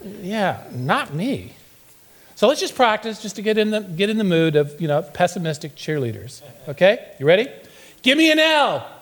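In a church sanctuary, a middle-aged pastor delivers a humorous sermon, spinning playful stories and acting out quotes. His voice sits high with big swings in pitch, and he keeps a moderate pace.

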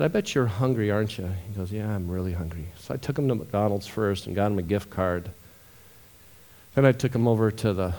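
A man preaching a sermon as pastor, moving from quiet storytelling to loud, emotional scripture reading. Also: lowish voice, gravelly.

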